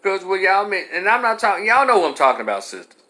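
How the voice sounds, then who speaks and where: A man in his fifties with a Memphis Southern accent, telling a story in an animated way, then talking in a low, earnest tone. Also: fast talker. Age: 50s. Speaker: commentator. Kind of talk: storytelling monologue.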